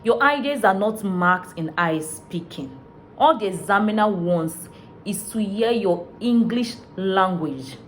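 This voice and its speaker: Woman tutor, mid pitch, unhurried teaching delivery, faint room hum. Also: animated. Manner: slow, deliberate teaching delivery. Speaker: IELTS tutor. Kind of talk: video lesson.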